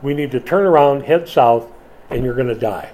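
A man preaching a sermon, dramatic and animated, dropping from loud emphasis to hushed lines and acting out voices. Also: mid-range voice, moderate pace. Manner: acts out biblical voices in quotes.

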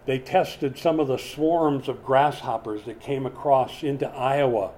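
A man preaches an expository sermon in a conversational, animated way at a measured pace and medium pitch. He makes sudden dramatic swings and repeats words as he builds a point.

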